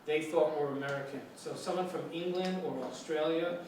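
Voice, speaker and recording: Speaking at normal speed in a fairly high voice, this chatty guest lecturer on English comes from New York City. His informal classroom talk is relaxed and riddled with fillers and restarts, recorded distantly in an echoey room with a faint hiss.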